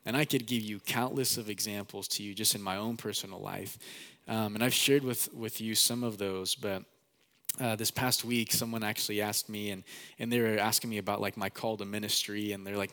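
A man's voice: on the low side, normal speed, a bit bright, long reverb tail. A young man preaching a sermon as pastor, earnest and conversational, with many casual fillers.

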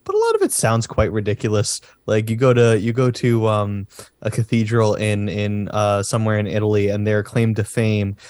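A man co-hosting a podcast, talking in a rambling, halting way in casual chat. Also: fairly low pitch, lively intonation, a little mellow, no room sound. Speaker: podcast co-host.

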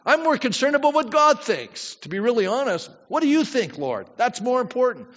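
A man's voice: very high-pitched, sing-song, a little fast, a bit bright, big-room sound. Man, pastor, conversational sermon, dull recording. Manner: conversational, asks the congregation questions.

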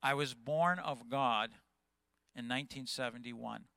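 Impassioned bright-voiced pastor in his fifties. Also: mid-range voice, a little slow, gravelly, clear, resonant tone, no room sound. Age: 50s. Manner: impassioned, agitated preaching. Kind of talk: sermon.

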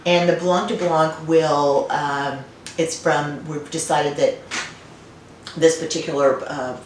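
Middle-aged woman guest, low voice, recorded far from the mic in an echoey room. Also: fairly even intonation, takes it slowly. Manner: warm storytelling with frequent fillers and restarts. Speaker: winemaker guest. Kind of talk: casual conversational interview. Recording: roomy and distant, faint noise.

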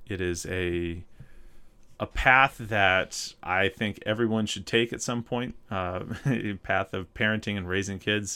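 A man's voice: deep voice, pushed and bright, clean tone. A man co-hosting a podcast in casual chat, with no regional accent and a wry, joking manner. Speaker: podcast co-host.

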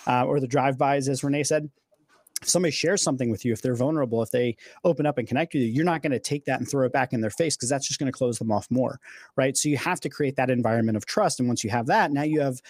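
A man's voice: medium pitch, fast, darkish tone, no echo, studio quality. A man hosting a casual podcast conversation, enthusiastic and loose, with lots of fillers and repeated words. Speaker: podcast host.

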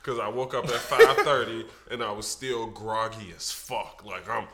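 A man with a bright, forceful voice spins a loose, profane story among friends. His delivery is animated and casual, full of swearing and little exclamations. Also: mid-range voice, moderate pace, hardly any pauses, roomy sound. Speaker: podcast co-host.

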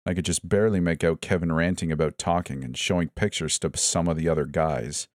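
A man's voice: low voice, fairly even intonation, brisk, no room sound, studio quality. A man reading a first-person horror story aloud, tense and suspenseful, giving each character his own voice. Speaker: narrator. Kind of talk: scripted horror story narration.

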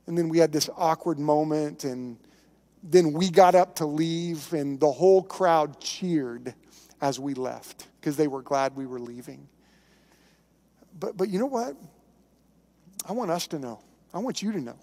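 High-voiced male pastor preaching. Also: a little slow, pauses often, mellow, long reverb tail. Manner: conversational, emphatic preaching with storytelling. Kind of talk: sermon.

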